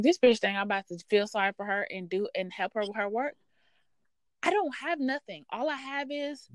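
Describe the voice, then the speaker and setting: A woman hosting a podcast, telling a workplace story in a blunt, profane, sassy and animated way. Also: mid-range voice, clear, resonant tone, dry recording. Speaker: podcast host. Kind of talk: casual storytelling rant.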